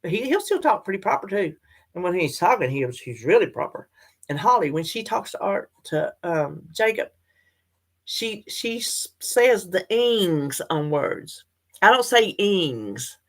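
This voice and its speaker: A woman's voice: lowish voice, measured pace. An older woman, chatting casually and directly to her viewers in a vlog. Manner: chatty, animated, talks straight to viewers. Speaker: vlogger.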